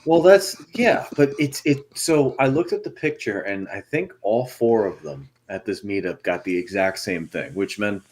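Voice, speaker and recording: A man's voice: fairly low pitch, animated, normal speed, hardly any pauses, a little mellow, breathy edge. A man co-hosting a casual chat, telling stories with plenty of swearing and laughter. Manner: storytelling, profane, laughing. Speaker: co-host. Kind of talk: casual food chat on a show.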